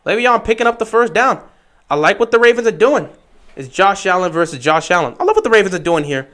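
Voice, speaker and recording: A young man hosting a livestream, giving excitable play-by-play reactions to football games that swing from shouting to muttering. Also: high voice, fast. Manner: excitable, shouts at big plays then mutters. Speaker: livestream host. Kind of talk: live football watch-along commentary.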